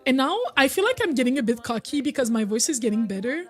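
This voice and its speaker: Getting over a cold, a young woman streams a game and talks fast in an animated voice that sits high. She's chatty with her viewers, responding to messages in chat and humming or singing snippets now and then.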